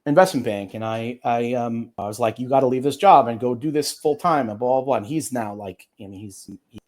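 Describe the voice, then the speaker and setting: A man's voice: mid-range voice, a little fast, darkish tone. A man, an attorney guest on an interview podcast, talking casually in a rambling way with many fillers and restarts.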